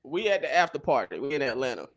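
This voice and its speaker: A man hosting a podcast, telling comedic stories in an animated way, with his voice jumping up when he gets excited. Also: mid-range voice, fast. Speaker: podcast host. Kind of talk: casual comedic storytelling.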